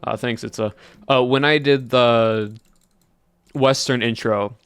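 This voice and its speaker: A man's voice: mid-range voice, fairly even intonation, takes it slowly, a bit bright, clean tone, dry recording. A young man streaming a game, chatting casually and rambling to his chat. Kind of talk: casual livestream chat while gaming.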